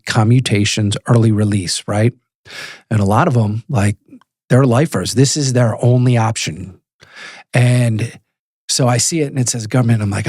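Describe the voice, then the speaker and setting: A middle-aged man with a husky voice speaks in an interview and tells his story with lively energy. He acts out the people in it, and the sound is dry and close. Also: lowish voice, no echo. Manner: animated storyteller who acts out phone calls. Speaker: guest, prisoner advocate.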